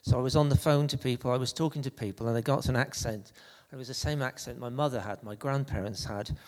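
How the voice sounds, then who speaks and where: A man preaching an anecdotal sermon in a conversational, halting way, with frequent restarts. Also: medium pitch, in a large hall.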